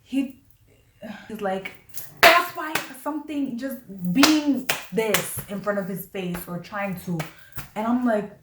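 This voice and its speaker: A woman vlogger casually telling a story, animated and laughing, acting out what people said. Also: medium pitch, normal speed, recorded from a distance. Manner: animated, laughing, acts out quotes with "I was like". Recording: roomy echo, voice away from mic.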